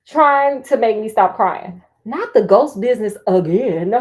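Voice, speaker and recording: A woman's voice: medium pitch, animated, unhurried, close to an everyday voice. A woman reading the part of a worried mother who scolds her daughter with exasperation. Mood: exasperated.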